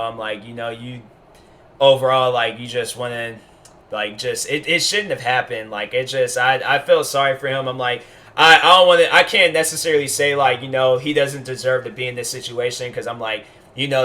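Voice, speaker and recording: A man's voice: medium pitch, bright, forceful tone. A young man hosting a solo podcast, rambling with heat and lots of repeated fillers as he comments. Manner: rambling, heated, repeats "bruh" and "I'm like". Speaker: podcast host.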